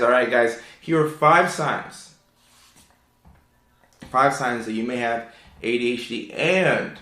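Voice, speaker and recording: In a reverberant room at home, a man with a sharp-toned voice chats on a casual live stream. He reads viewers' questions aloud and talks about neurodivergence, his speech full of filler words and repetitions, and he refers to his own voice as sultry and low.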